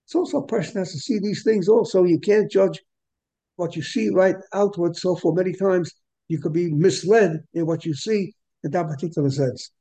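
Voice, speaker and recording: A man's voice: sits high, moderate pace, mellow. A man giving a Torah class lecture, explaining at length in a repetitive, digressive way and mixing in Hebrew terms. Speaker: Torah teacher.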